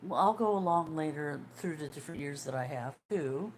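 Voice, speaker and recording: A woman's voice: deep voice, animated, normal speed, a little hiss or hum. A woman in her sixties hosting a casual livestream, chatting and greeting viewers' comments as they come in. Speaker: livestream host.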